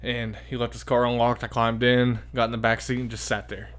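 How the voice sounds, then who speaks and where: A man's voice: medium pitch, flat delivery, fairly quick, fairly bright tone, clean tone. Rambling, profane man telling a story. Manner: rambling, profane, lots of fillers like "dude" and "like". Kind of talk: casual storytelling.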